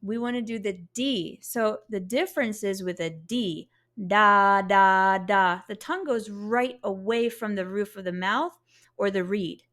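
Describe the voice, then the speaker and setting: A woman's voice: medium pitch, moderate pace. A woman teaching a beginner saxophone lesson, explaining patiently step by step and sounding out syllables to demonstrate.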